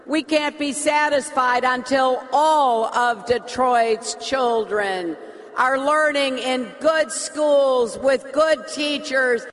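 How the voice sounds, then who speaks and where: A woman's voice: high voice, a bit bright. Woman delivering an emphatic speech in a hall. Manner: slow, emphatic, rhetorical repetition. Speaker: politician. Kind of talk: campaign speech. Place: large hall. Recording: reverberant hall.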